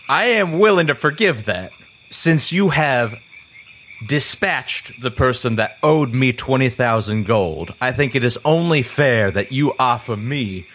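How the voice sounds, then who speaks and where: A man's voice: mid-range voice, a bit bright, a little hiss or hum. A man voicing a blunt, irritable male crime boss who swears while bargaining. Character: gruff male criminal boss, wounded and cussing.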